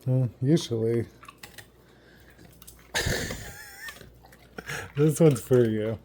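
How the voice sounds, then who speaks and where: Man, dog owner, slow, lively baby-talk praise, noisy phone audio. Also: medium pitch. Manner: playful, doting baby talk. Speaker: pet owner. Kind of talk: casual vlog talk to his dogs.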